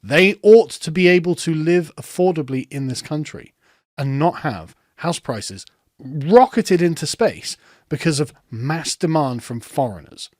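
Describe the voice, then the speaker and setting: A man's voice: a little high, animated, measured pace, dry recording, clean studio sound. A man hosting reaction commentary, ranting with sarcastic, profane mockery. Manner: sarcastic, profane, mocking, breaks into laughter. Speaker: commentary host.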